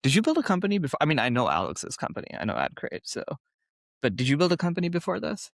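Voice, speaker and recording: A man's voice: fairly high pitch, huge pitch swings, quick pace, no echo, clean studio sound. A man hosting a podcast who jokes and teases his guests. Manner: playful, teasing. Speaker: podcast host. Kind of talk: casual podcast conversation.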